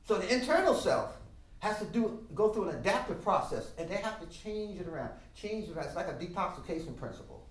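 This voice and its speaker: A man's voice: sits high, fast talker. Older man teaching, voice echoing from afar. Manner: sings out rhythms with drum sounds; animated, emphatic. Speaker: music teacher. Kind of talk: masterclass lecture. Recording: roomy sound from a distant mic.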